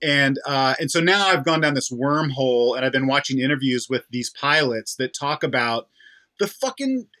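A man chatting on a podcast, excitable, laughing often and swearing a lot. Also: medium pitch, normal speed. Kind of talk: casual chat.

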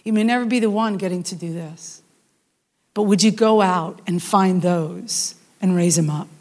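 A middle-aged woman preaching a sermon in an animated storytelling manner, with frequent restarts and asides. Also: lowish voice, moderate pace. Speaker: worship leader preaching. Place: church hall. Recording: long hall reverb.

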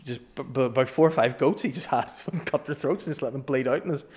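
A man's voice: mid-range voice, fast, darkish tone. Northern Irish man telling stories. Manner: storytelling, swears, acts out voices, laughs a lot. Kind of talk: casual comedic chat.

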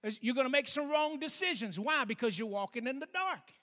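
A man preaching a sermon, speaking emphatically, stretching key words slowly and calling for responses from the congregation. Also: very high voice, expressive, bright, forceful tone. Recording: long hall reverb.

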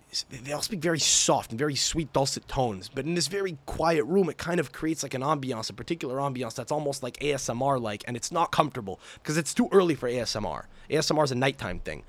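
A young man hosting his own podcast, telling stories casually in an animated, profane, exaggerated way. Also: mid-range voice. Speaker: podcast host. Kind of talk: casual solo podcast storytelling.

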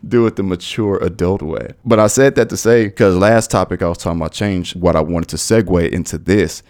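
A young man hosting a podcast, telling stories casually in an animated, profane, slangy way. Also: deep voice, brisk, hardly any pauses. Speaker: podcast host. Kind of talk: casual storytelling monologue.

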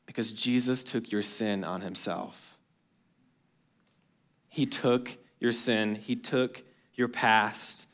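A man preaching a sermon to his congregation, speaking earnestly and directly to them, rising to emphatic bursts and then dropping soft and low. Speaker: pastor.

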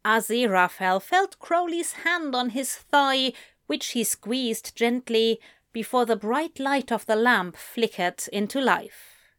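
A woman reads a romance story aloud at a slow, unhurried pace. Her voice sits a little high and stays gentle and even. The recording is dry and close. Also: clear, resonant tone, dry recording. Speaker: audiobook reader. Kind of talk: romance fan fiction reading.

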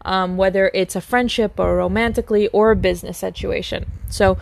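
A woman's voice: mid-range voice, steady tone, brisk, vocal fry, a little mellow, a little hiss or hum. A woman co-hosting a podcast, casually introducing the topic in a friendly way with fillers. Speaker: podcast co-host.

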